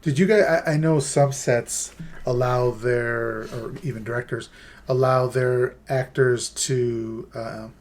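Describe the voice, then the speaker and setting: A man's voice: medium pitch, steady tone, slow pace, a little mellow. A man hosting a casual podcast interview, asking questions and chiming in with short agreeing replies. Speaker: podcast host.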